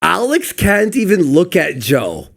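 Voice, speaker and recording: A man's voice: sits high, wildly swooping pitch, unhurried, gravelly. A man co-hosting a stream, laughing often as he comments on a video clip. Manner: giggly, frequent laughter. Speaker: stream co-host.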